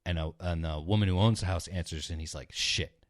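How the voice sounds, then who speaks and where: Young male podcast co-host, very low voice, loose swearing storyteller, dry close sound. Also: fast, darkish tone, dry recording. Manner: rambling, swears a lot, acts out characters in a low mutter. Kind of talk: casual chat retelling stories.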